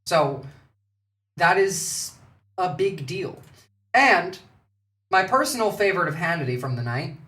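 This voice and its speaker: A man's voice: high-pitched, expressive, a little slow, long pauses, bright, forceful tone, distant mic. Mocking male streamer, foul-mouthed and sarcastic, sits back from the mic in a roomy space. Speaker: political commentary streamer. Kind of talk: casual live-stream commentary.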